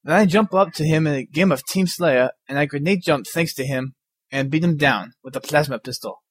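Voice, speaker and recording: A man's voice: on the high side, fairly quick, breathy edge, no room sound. A man co-hosting a gaming podcast, laid-back, reading listener stories with a laugh in his voice. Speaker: podcast co-host. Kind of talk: casual gaming podcast chat.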